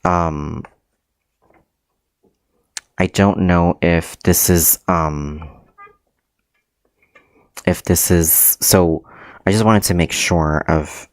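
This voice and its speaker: A deep-voiced man works slowly through a livestreamed math lesson, often pausing with ums and correcting himself. The sound is dry and close. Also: fairly even intonation, no echo. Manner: hesitant, many ums and self-corrections. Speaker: math teacher.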